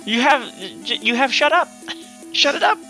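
A man's voice: extremely high pitch, animated, normal speed, sharp tone, faint music behind. A man co-hosting a podcast in casual comedic chat, laughing often and reading jokes out. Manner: giggly, reads out jokes. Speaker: podcast co-host.

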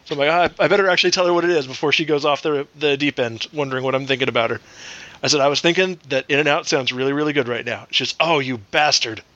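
A man's voice: a little high, rapid-fire, fairly bright tone, no room sound, lo-fi sound. A man in his thirties, co-hosting a podcast, telling joking self-deprecating stories in casual chat. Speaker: podcast co-host.

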